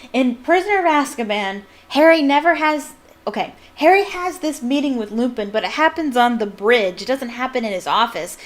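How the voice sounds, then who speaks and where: A woman reading a novel aloud and breaking off into animated, ranting fan commentary. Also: sits high. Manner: animated, ranting, frequent laughs. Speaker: fan reader and book commentator. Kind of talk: casual read-aloud with commentary.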